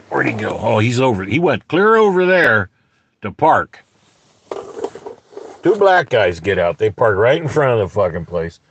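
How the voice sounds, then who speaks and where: A man's voice: lowish voice, lo-fi sound, slight background noise. A man telling a story in a profane, angry, rambling rant from inside a parked car. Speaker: vlogger. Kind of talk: ranting storytelling vlog.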